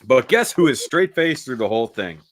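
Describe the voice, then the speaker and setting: A man co-hosting a casual review chat, animated and jokey and quick to swear. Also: mid-range voice. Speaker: co-host.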